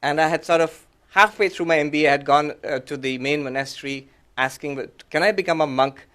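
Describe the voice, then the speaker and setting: A man's voice: on the high side, brisk, fairly bright tone. A man who is a monk, giving a reflective, conversational talk to an audience with many fillers and restarts, and explaining ideas patiently step by step.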